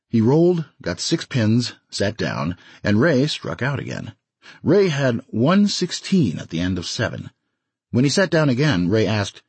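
A man's voice: fairly low pitch, big pitch swings, measured pace, a little mellow, husky, no room sound. A man narrating an audiobook story expressively, in a dry studio recording. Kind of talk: scripted narration.

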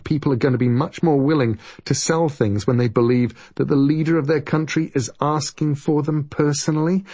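A man reading an audiobook, voicing a quick-witted male alien time traveller who explains things in a rapid, excited rush. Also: mid-range voice, slightly rough, dry recording, voice pushed up.

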